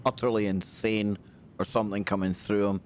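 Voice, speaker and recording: Scottish male co-host, low voice, easygoing chummy chat. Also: flat delivery, fairly quick, a little hiss or hum. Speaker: podcast co-host. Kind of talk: casual podcast chat.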